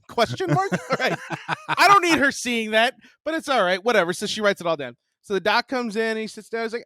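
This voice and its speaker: Here a fortyish podcast co-host spins a casual story in a high, brisk voice, with no room sound behind him. He curses a lot, keeps the energy up, and laughs frequently as he goes.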